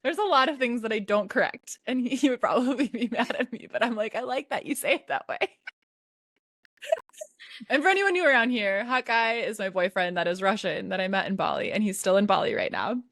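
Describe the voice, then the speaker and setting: A woman's voice: mid-range voice, animated, brisk, a bit bright, no room sound, studio quality. A woman hosting a podcast in casual chat, rambling and giggling, with many restarts. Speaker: podcast host.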